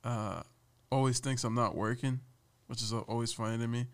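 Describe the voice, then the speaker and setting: A man's voice: medium pitch, moderate pace, clear, resonant tone. A young man, a podcast guest, chatting casually and animatedly, laughing often and mimicking others. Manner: animated storyteller, laughs often, mimics his boss loudly. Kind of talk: casual chat.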